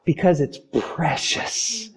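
A man with a high, light voice preaching a sermon. He is an animated storyteller who acts out panicked voices, then slows and softens on the phrases he wants to stress. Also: creaky.

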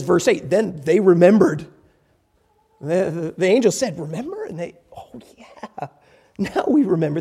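Animated preacher with a swooping voice. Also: slightly rough. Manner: animated storytelling with wide pitch swings. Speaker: pastor. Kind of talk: sermon.

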